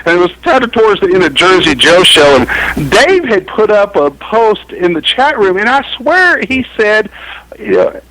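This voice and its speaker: A man's voice: sits high, sharp tone, poor audio. A man calling into a radio talk show by phone, rambling and joking with the hosts. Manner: laughing, rambling, restarts. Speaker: regular guest, editor. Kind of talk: casual radio banter. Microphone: phone call.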